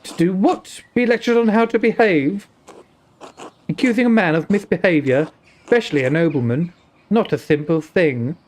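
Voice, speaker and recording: A wary young nun with a sing-song put-on Welsh accent tells her hard story, as a man reads her part aloud. The voice sits somewhat high. Faint background noise runs under it. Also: expressive, normal speed, a little mellow. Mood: sorrowful. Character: traumatized young nun, quiet and guarded.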